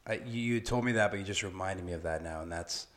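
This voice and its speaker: A man's voice: deep voice, fast. A man telling an emotional birth story in casual conversation, acting out what people said. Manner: emotional storytelling, acts out quotes. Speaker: father, guest. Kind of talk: casual podcast chat.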